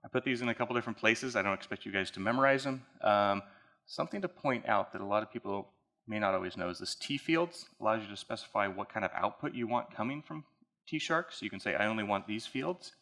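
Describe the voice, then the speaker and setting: A man's voice: on the low side, expressive, quick pace, bright, forceful tone. A man speaking at a conference, walking the audience through a technical case study in a casual, conversational way. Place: conference hall.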